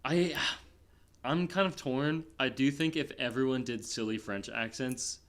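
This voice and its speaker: A man in casual podcast chat, reviewing a film in a loose, rambling way. He leans on fillers and restarts, then jumps up in energy when a point excites him. His pitch sits in the middle for a man. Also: unhurried. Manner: rambling, heavy filler "like", animated bursts. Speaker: podcast co-host.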